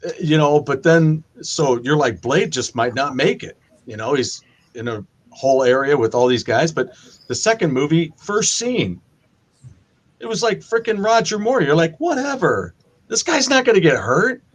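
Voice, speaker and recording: A man with a fairly high voice tells stories with gusto in a relaxed group chat. He slips into other voices to act out quotes. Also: normal speed. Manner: animated storytelling, acts out quotes. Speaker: podcast co-host. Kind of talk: casual chat.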